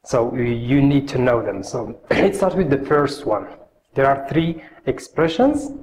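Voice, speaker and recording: A man's voice: mid-range voice, animated, a little mellow, a little hiss or hum. Patient man teaching phrases. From Morocco. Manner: patient, repeats phrases slowly for learners. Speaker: language teacher. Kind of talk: online language lesson.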